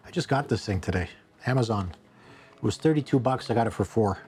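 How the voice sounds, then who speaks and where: A man hosting a casual cooking vlog from a home kitchen, rambling and joking at his own expense, with sudden excited bursts. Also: lowish voice, brisk, over music. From Canada.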